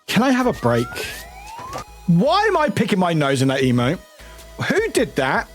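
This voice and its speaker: A man's voice: high voice, wildly swooping pitch, moderate pace, a bit bright, soft background music. A man streaming live, chatting casually and greeting viewers in a chaotic, giggly, self-mocking way, swearing casually.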